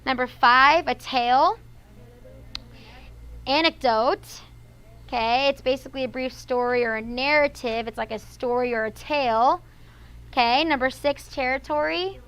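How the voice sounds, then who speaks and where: A woman teaching a classroom lesson, with a high, bright voice that stays smooth and clear. She explains step by step and adds a checking "okay?" after each point. She sounds patient and instructive. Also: unhurried, poor audio. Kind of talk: classroom vocabulary and spelling lesson.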